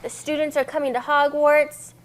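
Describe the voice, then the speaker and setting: A young woman with a slightly high voice leads a children's library lesson on poetry. She is cheerful and encouraging and claps out syllables with her young listeners. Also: level tone, moderate pace.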